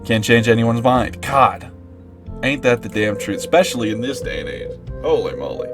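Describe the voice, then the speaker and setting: A man voicing an anxious young woman philosopher who panics easily and turns shrill when startled, over background music. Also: animated, moderate pace, lightly acted. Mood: weary.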